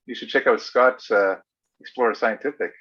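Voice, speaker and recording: A man from Canada hosting a casual livestream chat, easygoing and halting, with lots of fillers. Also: mid-range voice, fairly bright tone, husky. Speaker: livestream host. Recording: muffled lo-fi audio.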